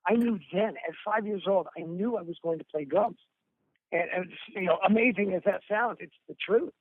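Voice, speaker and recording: Brief: forties drummer guest from Oregon, slangy and laughing, fairly high voice, dry tinny phone line. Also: male voice, normal speed, dry recording. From Oregon, USA. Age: 40s. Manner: animated, laughs often, slangy with "dude" and "bro". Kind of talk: casual interview chat.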